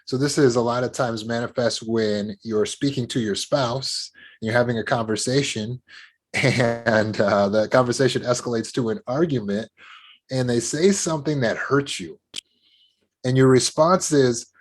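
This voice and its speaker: Male teacher type, earnest and explanatory, mid-range pitch, calm lecture on recovery. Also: a little slow. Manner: earnest, explanatory, with acted-out quotes. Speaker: trauma recovery educator. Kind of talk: educational talk to camera.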